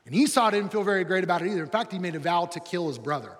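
A man preaching a sermon as pastor, telling the story in a lively, humorous way. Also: high voice, very fast, in a large hall.

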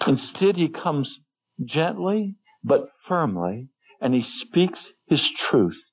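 A man preaching a sermon in an earnest, emotional way, his voice often dropping low and soft. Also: very animated, slow, a little hiss or hum. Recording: muffled lo-fi sermon recording.

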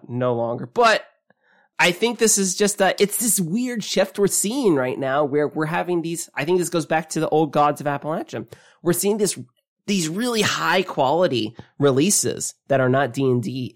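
A man co-hosting a tabletop gaming podcast, talking in a casual and animated way, often trailing off and restarting his sentences. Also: on the high side. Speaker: podcast co-host.

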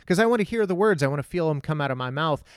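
A man, a comedian, rambling in casual podcast chat, self-deprecating and animated when telling stories. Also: fairly high pitch, rapid-fire, smooth, no echo, clean studio sound.

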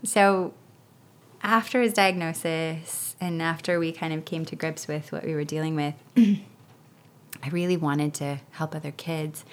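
A woman in her thirties chatting as a guest, telling lively stories and acting out what others said. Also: low voice, a little hiss or hum. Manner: animated storytelling with laughs and acted-out quotes. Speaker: guest parent. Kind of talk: casual interview chat.

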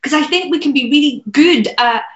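A woman's voice: high voice, brisk, fairly bright tone, highs cut off. Earnest woman telling a story, roomy sound. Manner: earnest, heartfelt, many fillers. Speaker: podcast guest, business mentor. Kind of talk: personal storytelling in conversation.

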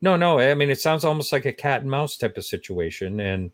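A man's voice: medium pitch, sing-song, brisk, no room sound, clean studio sound. A man hosting an interview, sympathetic and rambling, with many fillers as he asks his questions. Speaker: podcast host. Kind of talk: casual interview talk.

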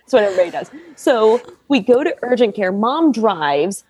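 A woman, telling a family story in a lively, animated way and acting out what people said. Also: a little high, normal speed, breathy edge. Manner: lively, laughing, acts out quotes.

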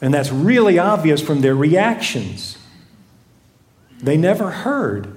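In an echoey room, a male pastor delivers a sermon full of stories and recurring rhetorical questions. His voice is a little high and darkish, with big swings in pitch, a slow pace, and long pauses.

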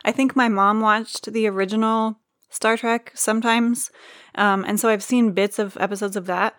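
A woman's voice: mid-range voice, fairly even intonation, normal speed, no room sound. A woman co-hosts a podcast in easy, casual chat, joking about herself and dropping the odd swear word. Her voice sits in an ordinary middle range. The recording is close and dry. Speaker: podcast co-host.

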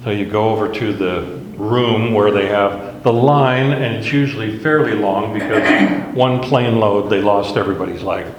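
A man's voice: on the low side, normal speed, crowd noise. A man teaching a Bible lesson in a conversational, storytelling way, often laughing at his own anecdotes. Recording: echoey hall with faint background noise.

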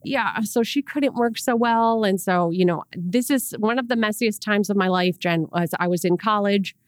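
A woman's voice: medium pitch, normal speed, no echo, studio quality. A woman in her forties from Rochester, New York, with a Rochester accent, talking candidly as a podcast guest and often laughing between thoughts. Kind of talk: casual interview chat.

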